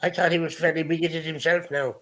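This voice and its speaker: A man's voice: a little high, flat delivery, fairly quick, over a noisy crowd. A man on a talk panel, blunt and dismissive in his opinions. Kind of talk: casual panel chat.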